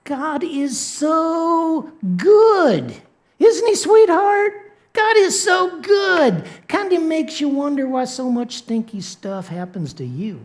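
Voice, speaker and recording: Here is a wheedling devil, as a preacher puts him on, hushed and sweet-talking, who calls the listener sweetheart. He drawls each word slowly, sly and coaxing. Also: very high voice, big pitch swings, voice pushed up, heavily acted. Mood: mock cheerful.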